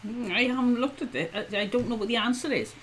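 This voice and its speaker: A woman co-hosting a casual live stream, cheerfully reading out viewer comments and chiming in with quick agreements. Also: on the high side, fairly bright tone. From England.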